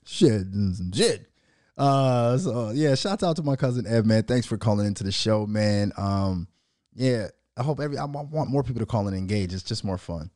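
Animated, profane man ranting as show host. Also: lowish voice, moderate pace, no room sound, studio quality. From Minnesota. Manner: animated, profane, mocking, laughs often. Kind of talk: casual solo rant.

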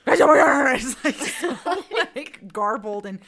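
A woman's voice: medium pitch, expressive. Upbeat young woman co-host. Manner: enthusiastic, laughs often, quick reactions. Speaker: podcast co-host. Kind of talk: casual book discussion.

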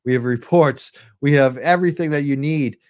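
A man's voice: medium pitch, normal speed. A man from hosting a live-streamed talk show from home, speaking with urgent, impassioned advocacy into his computer mic while on camera. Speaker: livestream show host. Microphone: computer mic while on webcam.

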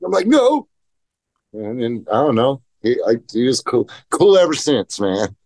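In an expressive mid-range voice with a darkish tone and normal pace, a pro skateboarder guests on a casual podcast. He spins rambling, profane skating stories and acts out quotes, in a dry recording.

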